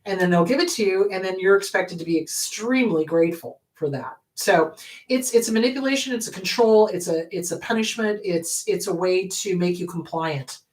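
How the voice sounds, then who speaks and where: A woman's voice: medium pitch, fairly quick. A woman therapist hosting her show, answering a viewer's question in an emphatic way and acting out what parents say. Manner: animated and emphatic, acts out quoted parents.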